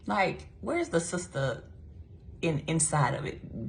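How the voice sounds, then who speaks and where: Chatty woman reviewing a book, lowish voice. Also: normal speed, creaky, slight background noise. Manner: animated, laughing, mocking voices of characters. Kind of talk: casual spoken book review.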